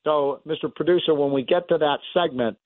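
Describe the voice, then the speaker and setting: Talk radio economist host, male, emphatic and lively, slightly higher pitch, dry narrow-band audio. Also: a little fast, no room sound. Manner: animated, emphatic, coughs now and then.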